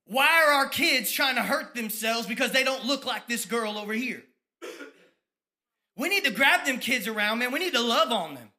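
A man, giving a fired-up testimony sermon about his ministry, at times dropping to soft reflective tones. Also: extremely high pitch, animated, moderate pace. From Tampa, Florida. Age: 30s.

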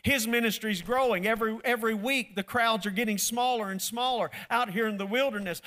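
A man's voice: high voice, brisk, hardly any pauses, sharp tone. A man preaching a sermon in a folksy, emphatic way, calling on the congregation to answer back. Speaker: pastor.

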